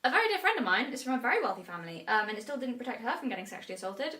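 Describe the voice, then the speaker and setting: A woman's voice: a little high, big pitch swings, very fast, bright, forceful tone. Wry English woman in a roomy echo. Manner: wry, indignant. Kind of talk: vlog commentary. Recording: roomy, distant mic.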